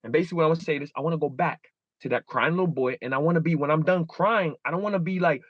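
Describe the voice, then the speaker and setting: Guest, man in his 30s, candid and animated, higher voice, dry muffled recording. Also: racing, no room sound. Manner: animated, acts out inner dialogue with shifting pitch. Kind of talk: candid interview talk.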